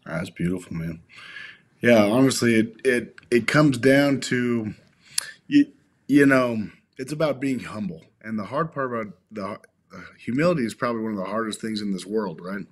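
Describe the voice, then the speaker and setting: A man as a podcast guest, speaking in a thoughtful, halting way and quoting scripture. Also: fairly low pitch. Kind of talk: reflective conversation.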